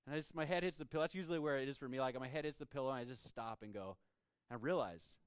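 A man preaching a sermon in a conversational way, dropping to soft, hushed lines and rising when he reads scripture aloud. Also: medium pitch, racing, clear, resonant tone, no echo. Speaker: pastor.

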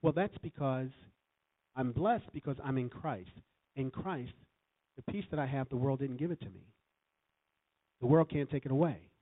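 At a moderate pace and mid-range pitch, with frequent pauses, a guest preacher leads an energetic church sermon and calls on the congregation for responses. The sound is tinny, like a phone line.

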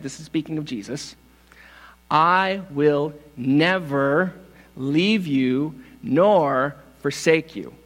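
A man's voice: on the high side, a bit bright. A male pastor preaching a sermon, emphatic and repeating words for stress, calling for responses. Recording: long hall reverb.

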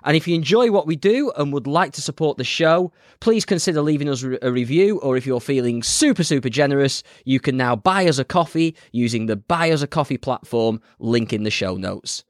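Chatty podcast host, dry close mic. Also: male voice, medium pitch, animated, brisk, few pauses, no echo. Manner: chatty, storytelling, playful. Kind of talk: casual chat.

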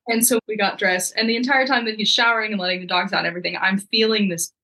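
A young woman, a podcast guest, tells a story in a relaxed, chatty way, her bright, forward voice sitting at an average female pitch. She talks fast with few pauses, keeps it lively and acts out other people's dialogue, and the recording is rough.

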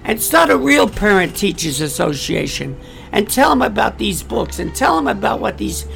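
A man's voice: high-pitched, sing-song, moderate pace, gravelly, a bit bright, soft background music. A man giving a political commentary monologue, emphatic and repetitive, with rhetorical questions and asides to his listeners.

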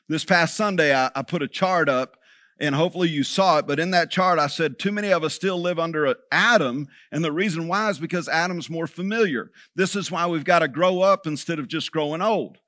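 A man's voice: a little high, sharp tone, no echo, studio quality. A man preaching a sermon as pastor, talking conversationally and checking in with the congregation.

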